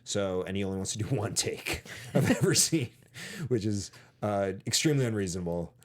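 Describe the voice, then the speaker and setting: A man's voice: fairly low pitch, lively intonation, fairly quick. A man hosting a film podcast in a casual, chatty way, often acting out lines from the movie. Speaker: podcast host.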